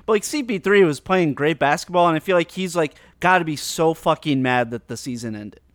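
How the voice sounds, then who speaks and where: Male co-host, raised pitch, eager casual chat, dry close sound. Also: a little fast, a bit bright, no echo. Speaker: podcast co-host. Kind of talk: casual sports podcast chat.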